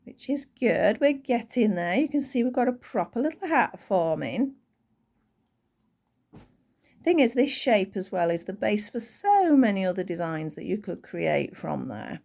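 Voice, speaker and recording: A chatty woman with a Northern English accent talks through a crochet tutorial, wandering into friendly asides and plenty of fillers. Her mid-pitched voice has a gravelly, creaky edge. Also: very animated, a little slow, darkish tone. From Northern England. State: voice tiring.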